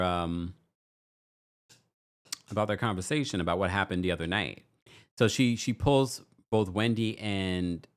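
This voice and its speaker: Male recap host, lively pitch, chatty and theatrical. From United States. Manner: animated, acts out quotes in mocking voices. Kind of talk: casual commentary recap.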